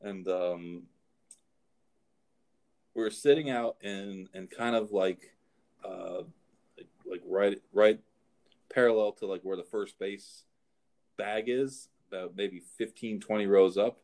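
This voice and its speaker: A man's voice: on the low side, takes it slowly, pauses often, darkish tone. A middle-aged man, a show host and horse trainer, telling rambling anecdotes in casual chat. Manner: rambling anecdotes, frequent restarts.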